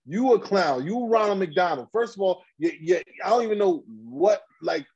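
Husky guy going off on a podcast, blunt and heated, lots of slang, kinda muffled lo-fi audio. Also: sits high, sing-song, moderate pace, a little mellow. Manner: heated, blunt ranting with slang and repeated restarts. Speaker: podcast host. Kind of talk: casual podcast chat.

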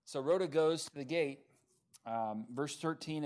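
A man preaching a sermon, telling the story in a lively, animated way with casual fillers and asides. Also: a little high, measured pace. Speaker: pastor.

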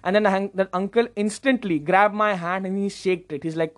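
A young man hosting a podcast, telling a casual story in an animated, self-mocking way and often stumbling over repeated words. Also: high-pitched, a little fast, hardly any pauses. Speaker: podcast host.

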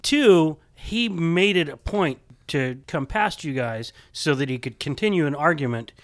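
A man's voice: fairly high pitch, animated, no echo. A man in a casual talk-show chat, weighing in and counting off his points one by one. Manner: measured, lays out points one by one. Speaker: guest weighing in.

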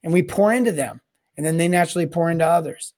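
A man hosting a solo podcast on plumbing service and sales, talking in a rambling, energetic way that often repeats and restarts words. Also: a little high, fast. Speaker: podcast host.

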